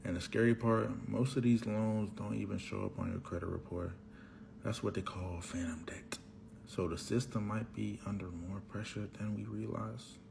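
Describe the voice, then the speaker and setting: A man's voice: lowish voice, fairly even intonation, normal speed, creaky, hardly any pauses, noisy background. A man giving earnest, explanatory commentary with a scripted delivery.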